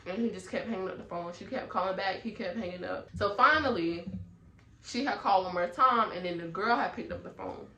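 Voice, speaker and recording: A young woman, from North Carolina, telling a storytime tale in an animated way full of fillers. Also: medium pitch, a little fast, roomy sound, rough recording. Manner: animated, talks her way through the story with many fillers. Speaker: vlogger. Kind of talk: storytime chat.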